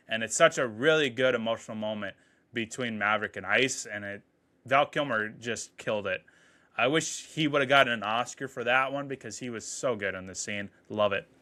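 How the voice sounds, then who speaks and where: A man giving a casual, excited movie review, swearing freely and paraphrasing scenes as he goes. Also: mid-range voice. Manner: excited, profane, quotes scenes in quick paraphrase.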